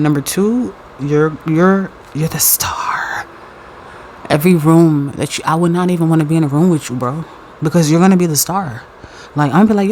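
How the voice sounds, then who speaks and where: Woman, tarot reader, low voice, excitable, playful, slangy, swears, casual reading. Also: a little hiss or hum, poor audio.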